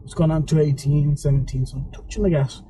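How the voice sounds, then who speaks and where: A male driving instructor with a mixed English accent tinged with Birmingham, giving relaxed, chatty commentary and explaining each step as he drives. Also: a little high, fairly quick. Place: inside a moving car. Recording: car engine and road noise.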